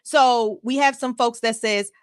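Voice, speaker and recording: A woman life coach hosting a live online show in an energetic, emphatic way, repeating words for emphasis. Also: on the high side, unhurried, clean tone, no echo, clean studio sound. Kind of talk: upbeat live-stream motivational talk.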